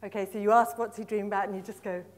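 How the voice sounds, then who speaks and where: A middle-aged woman leading a live teacher-training workshop in a conference room, lively and encouraging, praising the audience and drawing out words slowly as she repeats them. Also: medium pitch. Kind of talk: live workshop demonstration of storytelling with flashcards.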